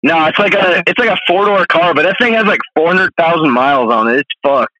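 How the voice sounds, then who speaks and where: A man's voice: fairly high pitch, lively intonation, brisk, muffled recording, noisy background. A young man, a podcast guest, telling a story in a laid-back, rambling way with free swearing. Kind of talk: casual storytelling.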